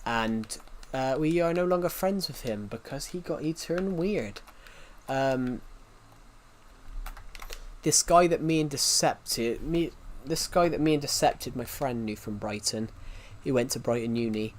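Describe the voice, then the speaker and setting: A man's voice: medium pitch, a little slow, slight background noise. A young British man in his twenties chatting casually on a live stream, rambling with many restarts and questions to his viewers. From United Kingdom. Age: 20s.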